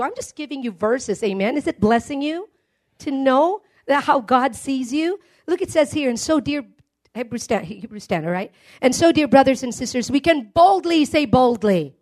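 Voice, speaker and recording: A woman preaching a sermon, emphatic and calling out to her congregation for responses. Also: sits high.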